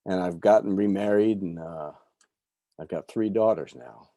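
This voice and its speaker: A middle-aged man from New York giving a candid personal recovery talk, telling stories with soft asides. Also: sits low, measured pace, dry recording. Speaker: recovery speaker.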